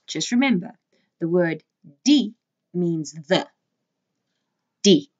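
Patient woman teacher for a beginners' lesson, slow and deliberate, dull lo-fi audio. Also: lowish voice, animated. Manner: patient, repeats words for learners. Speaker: language teacher. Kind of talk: slow, clear language lesson. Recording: slightly dull, muffled audio.

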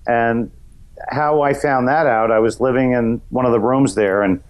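A man's voice: fairly even intonation, normal speed, highs cut off. A middle-aged man from New York's Westchester County, a comedian guest talking in a loose, rambling way, full of "you know" fillers. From Westchester County, New York. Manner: acts out voices in high shouts. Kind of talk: casual interview chat.

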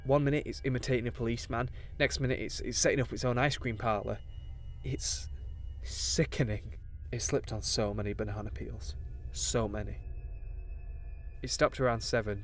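Man narrating horror. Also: medium pitch.

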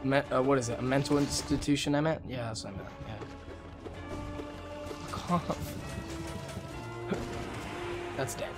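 A young man commentating while playing a video game, excitable and swearing, swinging between low mutters and loud outbursts. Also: moderate pace, over music. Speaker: gaming video creator. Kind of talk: let's play commentary.

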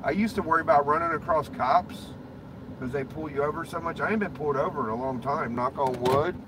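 Male streamer, slightly high voice, profane off-the-cuff ranting, in a car with road noise. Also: a little fast. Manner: profane, rambling, blunt. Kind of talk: casual ranting chat. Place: inside a car. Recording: clear road and engine noise.

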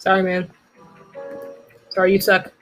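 A woman's voice: medium pitch, monotone, a little slow, a bit bright, faint music behind, low-quality recording. A woman streaming a video game, joking and teasing as she plays, with sudden silly voices. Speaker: streamer playing a goose game. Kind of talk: playful let's-play commentary.

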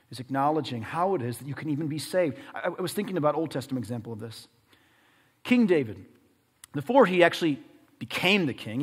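Male pastor, sermon, somewhat high voice, dramatic loud-to-hushed dynamics, long church-hall reverb. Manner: dramatic swings between loud and hushed delivery.

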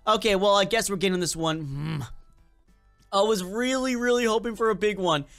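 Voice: medium pitch, moderate pace, fairly bright tone, faint music behind. A gaming video creator with a slight accent and a lingering cold, giving playful, chatty gameplay commentary straight to viewers.

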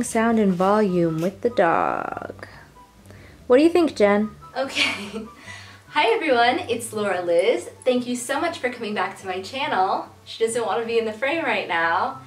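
A woman's voice: mid-range voice, very animated, moderate pace, soft background music. A young woman talking casually to camera in a chatty, giggly, self-mocking way. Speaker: YouTuber. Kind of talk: casual vlog bloopers.

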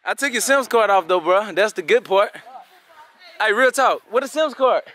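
A young man hosting a prank vlog outdoors, loud and teasing with a lot of laughing. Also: high-pitched, animated, moderate pace. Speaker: vlogger host. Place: outdoors by a lake.

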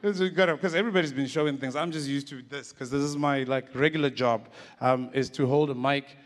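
A man's voice: medium pitch, fairly even intonation, fairly quick. A man giving a stage talk, telling loose stories with laughter and frequent stumbling restarts. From South Africa. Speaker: guest speaker. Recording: echoey hall.

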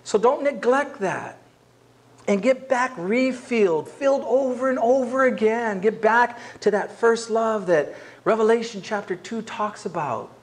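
High-voiced male pastor preaching. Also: unhurried. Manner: conversational, acts out quoted voices. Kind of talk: sermon. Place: church.

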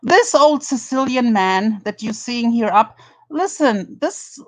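A woman's voice: on the high side, lively intonation, slow pace, no echo. A woman with a German accent hosting a live drama commentary stream, greeting chatters and mocking rivals with lots of swearing. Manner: profane, mocking, greets viewers one by one.

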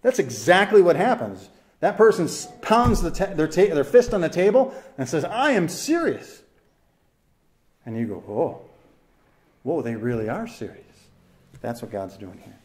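A man's voice: a little high, sing-song, normal speed, darkish tone. A man preaching an expository sermon, earnest and emphatic, repeating phrases for stress and putting questions straight to his listeners. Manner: asks the listeners questions directly. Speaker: pastor.

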